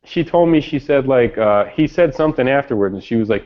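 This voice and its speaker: Man, casual chatter, rambling laid-back storyteller, mid pitch, muffled lo-fi sound. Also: animated, a little fast. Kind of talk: casual chat. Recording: dull lo-fi audio.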